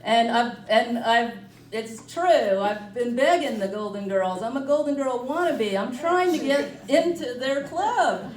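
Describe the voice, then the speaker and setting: Brief: woman comic, rambling and self-mocking, higher voice, recorded from a distance in a roomy bar. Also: lively intonation, a little slow. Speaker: stand-up comic. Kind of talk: stand-up comedy set. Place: brewery comedy night. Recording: echoey room, from far off.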